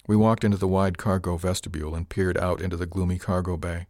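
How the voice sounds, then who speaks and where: A man narrates an audiobook in the first person. His voice sits low and his delivery is steady and even. The sound is dry and close to the mic. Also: quick pace, dry recording.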